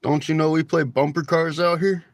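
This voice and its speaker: Flat in delivery but pitched on the high side, a man talks at normal speed while livestreaming from his phone camera outside at night by a store parking lot. He's casual and laid-back, cracking jokes with viewers and cursing freely, and the recording is dry.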